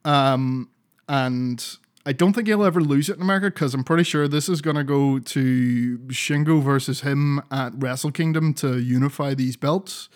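A man's voice: mid-range voice, normal speed. A man co-hosting a podcast, chatting casually about wrestling, rambling, swearing often and laughing a lot. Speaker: podcast co-host.

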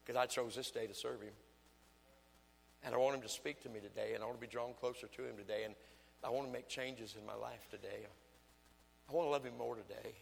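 A man's voice: mid-range voice, fairly even intonation, brisk, gravelly, long pauses, big-room sound, a little hiss or hum. An older man, an evangelist, preaching a folksy sermon full of home stories and asides. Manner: folksy storytelling, acts out his wife's lines. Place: church sanctuary.

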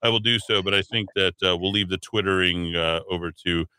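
Low, smooth-voiced male radio host. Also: fairly even intonation, a little fast, bright, forceful tone, dry recording. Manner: rambling, filler-heavy, swings up in pitch when handing over. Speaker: radio talk show host. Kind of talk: casual radio talk.

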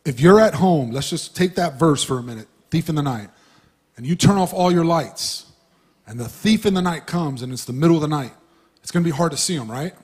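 A man preaching to a church, talking to the congregation casually and shifting between loud emphasis and soft asides. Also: on the high side, lively intonation, a little fast, breathy edge. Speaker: pastor. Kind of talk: sermon.

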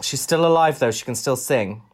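A man co-hosting a podcast in casual chat, cheeky and quick with jokes. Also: mid-range voice, slightly rough. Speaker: podcast co-host.

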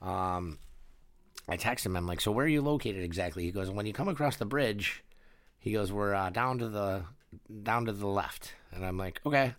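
A man's voice: lowish voice, normal speed, a bit bright, no echo. A man chatting casually, telling a trip story with frequent laughs and swearing. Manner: laughing storyteller, swears freely, acts out quotes. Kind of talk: casual chat.

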